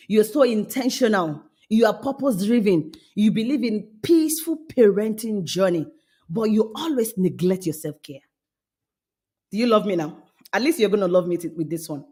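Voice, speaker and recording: A woman's voice: mid-range voice, lively intonation, normal speed, darkish tone, husky. A middle-aged woman coaching parents in an emphatic talk, scolding and then coaxing, often repeating phrases.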